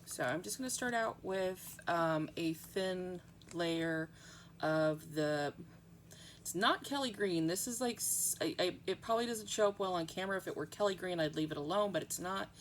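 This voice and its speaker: Lowish-voiced woman rambling thru a nail tutorial at home, lots of ums, bit of faint noise behind. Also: normal speed. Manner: chatty, rambling, frequent ums. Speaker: nail art tutorial host. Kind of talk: casual tutorial chat.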